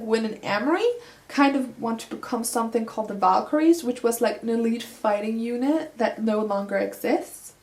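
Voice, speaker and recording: A woman giving a casual, humorous book recap with sarcastic, playful asides. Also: a little high. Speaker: book vlogger. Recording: echoey room.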